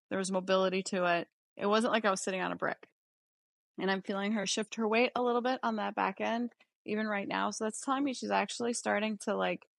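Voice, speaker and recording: Woman with a gravelly voice, explaining while riding. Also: mid-range voice, dry recording, poor audio. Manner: relaxed, explanatory, thinking aloud while riding. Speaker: horse trainer. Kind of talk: riding lesson narration while mounted. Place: outdoors on horseback.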